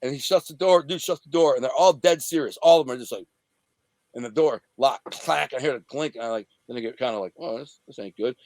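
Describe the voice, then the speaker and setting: A middle-aged man from the Detroit area, an interview guest telling a story in a rambling, profane, animated way. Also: mid-range voice, fast talker, no echo. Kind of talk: casual storytelling.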